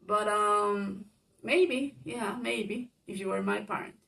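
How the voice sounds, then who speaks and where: Rambling woman with a gravelly voice. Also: medium pitch, slow, sharp tone, recorded from a distance, poor audio. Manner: rambling, full of fillers. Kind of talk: casual vlog monologue. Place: home at night.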